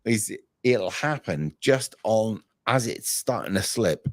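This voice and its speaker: A man hosting a call-in live stream, with a low voice that swings widely in pitch. He teases and interrupts his callers. The sound is close and dry. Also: takes it slowly, no echo. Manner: animated, interrupting, teasing. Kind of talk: casual call-in chat.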